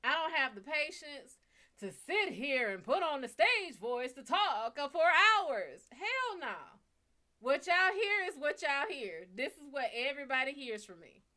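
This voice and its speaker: Blunt, bright-voiced woman with a Bayou accent. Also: unhurried. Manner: blunt, animated and profane, swinging from loud to low. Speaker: live stream reader and host. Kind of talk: casual live-stream rant.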